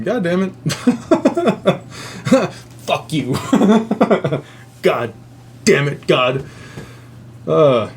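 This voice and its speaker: A man's voice: mid-range voice, a little mellow, a little hiss or hum. Profane rambling man telling a story. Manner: profane, rambling, laughs at own jokes. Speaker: host. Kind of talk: casual storytelling.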